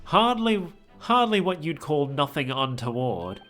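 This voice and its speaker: A gossipy old prison governor, all jaunty chatter, as a man puts him on. His voice rides high and loud, leaping lively from note to note. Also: unhurried, faint music behind. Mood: flustered.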